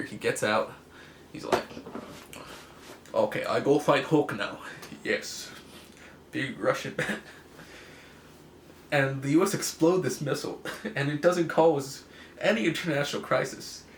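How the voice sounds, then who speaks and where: A man's voice: medium pitch, lively intonation, moderate pace, pauses often. Man, casual comic chat, rambling, laughs easily, echoey room, faint background noise. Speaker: comic book video host.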